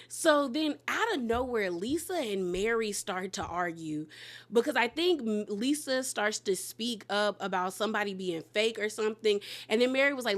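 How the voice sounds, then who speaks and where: A woman recapping a reality show in a lively, casual way, acting out the cast's lines and laughing often. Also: a little high. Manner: animated, quotes the cast in quick bursts, laughs often.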